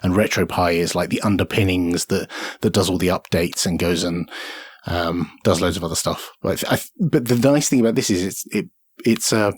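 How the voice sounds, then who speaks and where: Male co-host, low husky voice, dry close sound, rambling delivery. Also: normal speed, no echo. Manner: rambling, with many fillers and restarts. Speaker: podcast co-host. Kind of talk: casual tech podcast chat.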